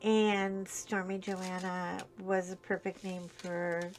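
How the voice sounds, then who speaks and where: A woman's voice: on the low side, slow pace. Woman, casual crafting chat, rambling, lots of fillers, faint background music. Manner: rambling, animated, with many fillers and restarts. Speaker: crafting channel host.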